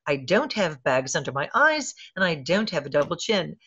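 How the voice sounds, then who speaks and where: A woman's voice: low-pitched, very animated, moderate pace, fairly bright tone, slightly rough, highs cut off, full character voice. A woman imitating a gracious, refined older lady with a British accent. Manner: light, polite imitation.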